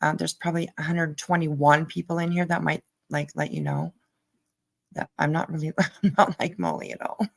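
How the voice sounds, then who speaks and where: Gravelly-voiced woman chatting on stream. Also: low voice, animated, normal speed, no echo. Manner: chatty, laughing, talks to chat while eating. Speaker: livestream host. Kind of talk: casual livestream chat.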